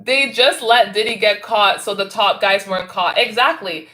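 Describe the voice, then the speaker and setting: A woman from Canada talks casually on a livestream, reacting to viewers' comments one after another. Her voice is bright and sharp at a middle pitch. She keeps the chat loose and laughs readily. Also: normal speed, few pauses.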